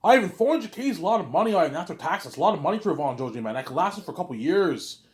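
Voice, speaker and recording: A man's voice: on the high side, sing-song, rapid-fire, roomy sound. A man voicing a pushy, greedy male business partner who insists and keeps repeating the listener's name. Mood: insistent.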